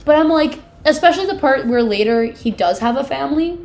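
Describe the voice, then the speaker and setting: High-pitched and animated, her voice moves at a brisk clip with vocal fry and a slightly mellow quality. She's a woman in her twenties co-hosting a podcast, recapping a book in chatty fashion, full of "like" and over-the-top disgust.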